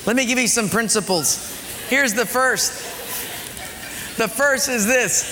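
A man preaching a sermon as pastor, emphatic, often dropping low and quiet to stress a point. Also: unhurried, big-room sound, some chatter behind, slight background noise.

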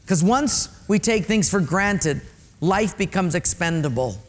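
A middle-aged male pastor preaching a sermon with animated delivery, repeating key phrases for emphasis and talking directly to his congregation. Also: high voice, a little slow.

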